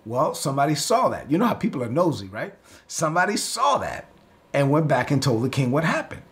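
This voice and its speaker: A man's voice: a little high, a little fast. A man from Brooklyn with a Brooklyn accent, preaching a sermon in a casual, storytelling way. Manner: casual, storytelling with lively acted-out voices. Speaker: pastor.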